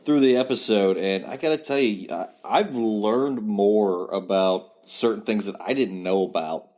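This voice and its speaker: A man's voice: lowish voice, a little slow, darkish tone. A man hosting a casual podcast interview, a comedian who talks chattily, jokes and stumbles over his words.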